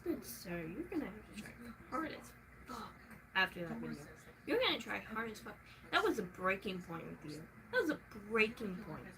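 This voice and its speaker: Expressive young woman ranting, lively pitch. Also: moderate pace, background noise. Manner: expressive, profane, swings from soft to shouting. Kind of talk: casual vlog rant.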